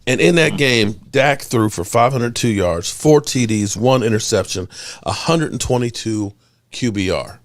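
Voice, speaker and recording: A man hosting a live sports podcast, loud and fired up, ranting with frequent restarts. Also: mid-range voice, measured pace. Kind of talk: heated live-stream sports rant. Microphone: desk mic in home studio.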